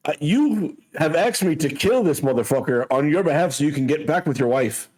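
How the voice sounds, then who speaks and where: A man's voice: on the high side, expressive, a little fast, darkish tone, low-quality recording. A man roleplaying at a tabletop game, joking and swearing with mock grudges. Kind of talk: casual in-character roleplay chat.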